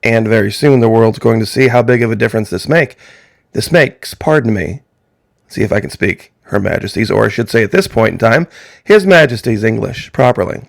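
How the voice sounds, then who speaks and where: Gravelly man asking rhetorical questions. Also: lowish voice, expressive, a little fast, dry recording, clean studio sound. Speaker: political commentator. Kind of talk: opinion monologue to camera.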